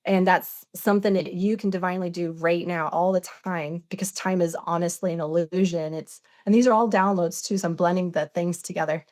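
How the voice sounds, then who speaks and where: A woman's voice: on the low side, fairly even intonation, brisk, few pauses, darkish tone. A woman in her forties, a podcast guest, earnestly retelling a personal experience, acting out the dialogue as she goes. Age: 40s. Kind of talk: personal storytelling interview.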